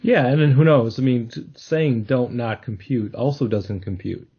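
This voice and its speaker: A man's voice: mid-range voice, normal speed, warm tone, slightly rough, lo-fi sound. A man hosting a casual podcast discussion, talking thoughtfully and hesitantly with many restarts. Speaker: podcast host.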